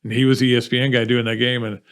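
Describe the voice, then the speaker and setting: A man's voice: mid-range voice, level tone, rapid-fire, fairly bright tone, clean tone. A male podcast host with an easy, rambling delivery. He chats with a guest and drifts into self-deprecating stories, talking in a loose, conversational way. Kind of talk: casual chat and storytelling.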